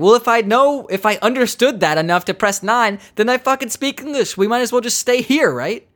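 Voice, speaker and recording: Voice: mid-range voice, lively intonation, moderate pace. A comedian delivering an exasperated, profane comedic rant, talking casually and sarcastically to listeners.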